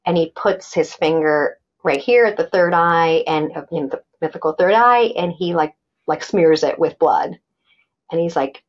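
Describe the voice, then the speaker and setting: A woman telling a personal story in an interview, animated and acting out the voices she quotes. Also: low voice, normal speed. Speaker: guest. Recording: dull lo-fi sound.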